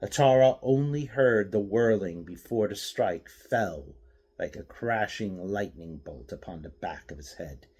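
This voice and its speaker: A man reading his own novel aloud as an expressive audiobook narration. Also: fairly low pitch, a little slow, husky.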